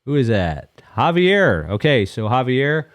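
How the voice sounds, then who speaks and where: A man hosts a call-in segment in a relaxed, easygoing manner. His voice sits at a medium pitch, and it is recorded close and dry, with no room echo. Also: measured pace. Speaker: podcast host.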